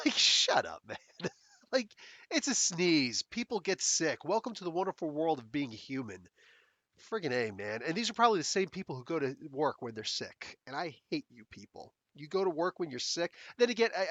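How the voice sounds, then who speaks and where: A man's voice: fairly high pitch, a bit bright, no room sound. A man hosting his own podcast in casual chat, rambling and blunt with a sarcastic edge. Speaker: podcast host. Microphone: close desk mic.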